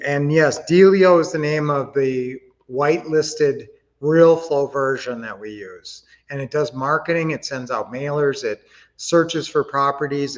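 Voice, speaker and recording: A man's voice: medium pitch, highs cut off. A man hosting a casual home-investing livestream from his home office, chatty and upbeat, talking straight to his viewers. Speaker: livestream host.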